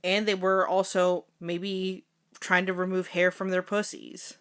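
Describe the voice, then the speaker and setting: A young woman co-hosting a casual podcast chat, explaining history in a relaxed, joking way and laughing easily. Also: fairly low pitch, measured pace, clean tone. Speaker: podcast co-host.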